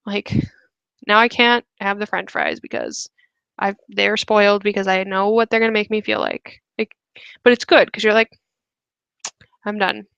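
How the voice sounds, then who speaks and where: A woman's voice: medium pitch, fairly even intonation, moderate pace, gravelly, pauses often, a bit bright, clean tone, dry recording, highs cut off. A young woman hosting a webinar, talking casually to viewers and filling her speech with "like" and "um". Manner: chatty, many fillers like "like". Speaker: webinar host. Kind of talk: casual coaching talk.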